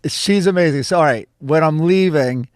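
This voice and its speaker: A man's voice: on the high side, normal speed, smooth, no room sound, clean studio sound. A man co-hosting a podcast, telling rambling stories with joking asides in casual chat. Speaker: podcast co-host.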